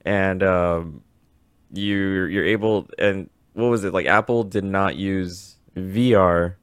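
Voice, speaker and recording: A young man co-hosts a casual podcast, laid-back and quick to joke. His voice is very low, recorded dry and close with nothing around it. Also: steady tone, clear, resonant tone, no echo. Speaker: podcast co-host. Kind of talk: casual chat.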